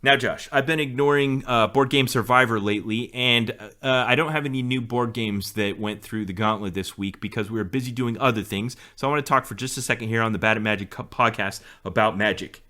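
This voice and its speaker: A man's voice: on the low side, steady tone, brisk, hardly any pauses, bright, forceful tone, faint music behind. A man in his forties, co-hosting a podcast in casual chat and explaining things in a storytelling way. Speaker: podcast co-host.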